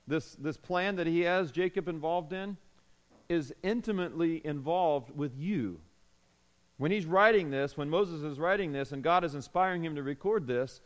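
A man preaching a sermon in an earnest, emphatic way, with pauses and restarts. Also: on the high side. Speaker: pastor.

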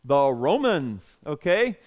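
A pastor preaching an animated sermon, full of rhetorical questions, moving between loud and soft. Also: male voice, a little high, slow, highs cut off.

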